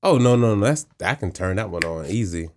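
A man in his thirties co-hosting a casual podcast chat, animated and quick to laugh, often trailing off into fillers and restarts. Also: on the low side, a little hiss or hum. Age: 30s. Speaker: podcast co-host.

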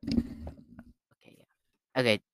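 A man's voice: very slow, no room sound. A young man co-hosting a podcast in casual chat, teasing his brother with jokey banter. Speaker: podcast co-host.

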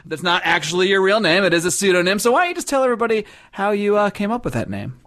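Guy hosting a podcast, upbeat, high bright voice, pushes the ad reads. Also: sing-song, quick pace. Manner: upbeat, reads sponsor spots with emphasis. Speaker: podcast host. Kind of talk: podcast interview.

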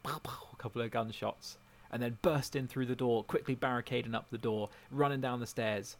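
Man, mid-pitch, casual podcast player, eager narrator of moves. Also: steady tone, fairly quick. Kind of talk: casual chat.

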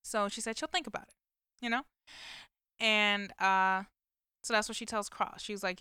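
Woman chatting away, lots of like and um, super clear voice, dry close sound. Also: medium pitch, steady tone, moderate pace, long pauses, sharp tone, no echo. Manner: chatty storytelling with many fillers. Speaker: vlogger recapping a movie. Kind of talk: casual chat.

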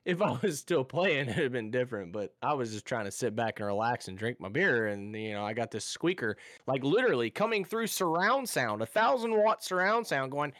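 A man's voice: mid-range voice, fairly quick, few pauses, no echo, clean studio sound. A man in his thirties telling stories in casual podcast chat, acting out the voices of the people in them. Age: 30s. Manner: animated storyteller, acts out voices. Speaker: podcast guest.

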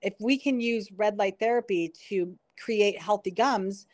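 A woman's voice: mid-range voice, measured pace, a little mellow, dry recording, studio quality. Chatty middle-aged woman explaining. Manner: chatty, explanatory, storytelling with restarts. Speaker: guest, nurse and product founder. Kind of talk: conversational interview.

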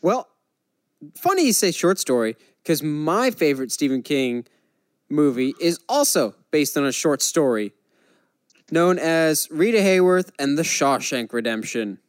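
A man co-hosting a casual chat show, animated and joking with quick asides. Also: on the high side, no room sound. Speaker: podcast co-host.

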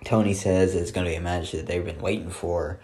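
Man, very low voice, wrestling show reviewer, casual solo recap, dry sarcasm, lots of ums and uhs. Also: fairly even intonation, brisk, darkish tone.

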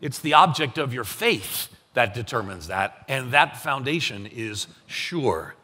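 Male pastor, middle-aged, emphatic sermon, bright forceful voice, lively swinging pitch. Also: unhurried, a little hiss or hum. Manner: emphatic, rising to loud peaks, frequent "right?".

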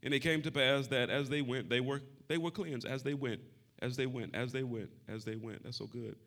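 A man preaching a sermon, calling out to the congregation and shifting between loud shouting and soft, conversational talk. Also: mid-range voice, fairly even intonation, brisk. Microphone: wearing a mic.

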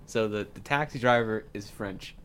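A man's voice: fairly low pitch, a bit bright. A man hosting a casual comedy podcast, rambling through a made-up film plot and briefly acting out its characters. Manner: rambling storyteller who acts out characters in quick bits. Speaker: podcast host.

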